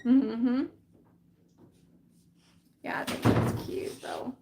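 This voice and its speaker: Southern woman, craft-stream host, easygoing step-by-step talk, slightly high voice. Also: fairly even intonation, extremely slow, very noisy. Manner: easygoing, explains steps while working. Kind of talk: casual crafting livestream chat.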